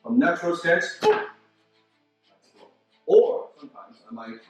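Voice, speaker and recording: A man's voice: on the high side, very animated, takes it slowly. Man teaching from across a echoey room. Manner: broken English, repeats words while demonstrating. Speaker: martial arts instructor. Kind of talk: demonstration lesson. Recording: roomy echo, mic at a distance, faint music.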